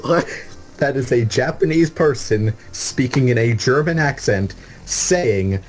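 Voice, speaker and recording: A man casually retelling a scene with excitable, profane humor. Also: mid-range voice, a little slow. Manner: excitable, swears, animated retelling. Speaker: co-host. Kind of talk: casual comedic storytelling. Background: faint background music.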